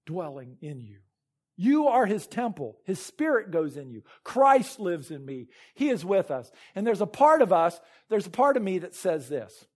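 A man's voice: high-pitched, darkish tone. A man preaching a sermon as pastor, reading scripture and retelling Bible stories with earnest emphasis.

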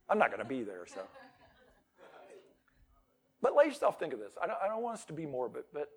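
A middle-aged male pastor preaching a sermon. He swings between loud, emphatic declarations and quiet asides. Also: mid-range voice, vocal fry, breathy edge.

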